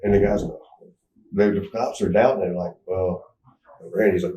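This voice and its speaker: A man in his forties telling a candid story as an interview guest, rambling and halting with many restarts and fillers. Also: low-pitched, dark tone. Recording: roomy echo, mic at a distance.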